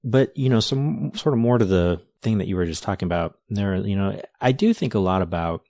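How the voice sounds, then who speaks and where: A man's voice: fairly low pitch, animated, brisk, mellow, no echo. A man hosting an interview, speaking thoughtfully and hesitantly, often restarting his sentences. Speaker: podcast host. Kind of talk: casual interview conversation.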